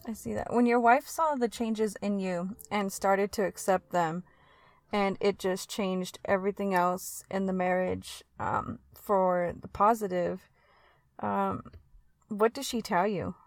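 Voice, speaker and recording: A woman host interviewing a guest, asking measured questions with fillers and sounding supportive. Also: medium pitch, steady tone, dry recording. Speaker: podcast host.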